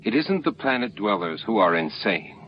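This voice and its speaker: A man's voice: fairly low pitch, big pitch swings, moderate pace. A man voicing a firm, level-headed starship captain in his own voice, on a lo-fi recording with faint hiss.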